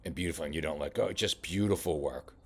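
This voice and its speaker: A man coaching a boxer while reviewing fight footage, talking casually with many halting restarts. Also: extremely low pitch, breathy edge. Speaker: boxing coach. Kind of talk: film study commentary.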